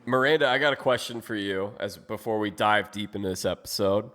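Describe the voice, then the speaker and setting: A man's voice: lowish voice, a little fast, fairly bright tone. A man hosting a casual video chat, playful and joking with his guests. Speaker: host.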